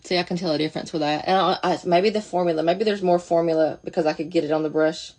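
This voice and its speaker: A woman's voice: lowish voice, fairly even intonation, fast talker, darkish tone. A woman talking casually through a makeup demonstration, chatty and thinking aloud as she goes. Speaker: makeup seller demonstrating products.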